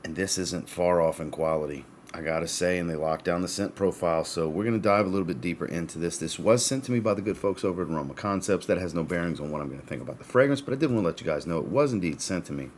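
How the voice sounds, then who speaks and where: Man, low voice, hiccups, casual fragrance-review host, faint noise in the background. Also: fast, few pauses. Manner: chatty, descriptive, addresses viewers as guys. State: has the hiccups.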